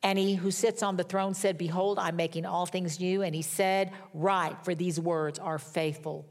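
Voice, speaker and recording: Middle-aged woman preaching, lowish voice, animated storytelling, pokes fun at herself. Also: moderate pace. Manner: animated storytelling, candid and self-mocking. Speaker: pastor. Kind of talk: sermon.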